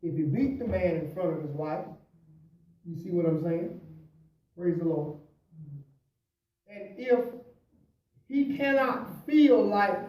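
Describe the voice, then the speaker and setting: A man, a pastor, preaching at a Bible study, swinging between loud emphasis and quiet asides, often adding "praise the Lord" and "hallelujah". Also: high-pitched, expressive, takes it slowly, pauses often, slight background noise. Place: church. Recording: echoey church from a distant mic.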